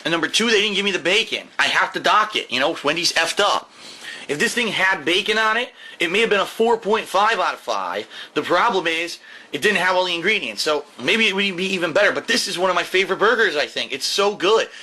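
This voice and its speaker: A man's voice: high voice, animated, a little fast, pushed and bright. A man casually reviewing a burger at home for his vlog, talking enthusiastically and repeating his points, with the camera mic set down in front of him. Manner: enthusiastic, emphatic, repeats himself. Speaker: food reviewer vlogger. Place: at home, indoors. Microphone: camera mic, set down while eating.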